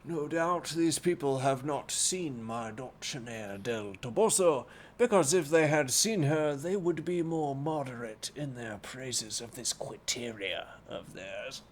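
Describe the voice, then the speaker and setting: A man's voice: medium pitch, animated, measured pace, hardly any pauses, slight background noise, natural voice. A man muttering as a proud old knight. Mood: indignant. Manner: muttering, indignant.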